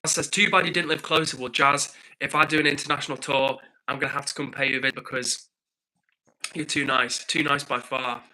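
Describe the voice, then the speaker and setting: A man's voice: mid-range voice, fairly even intonation, brisk, bright, forceful tone, rough recording. A young man hosting a live stream, reading viewer comments in a friendly, upbeat, chatty way.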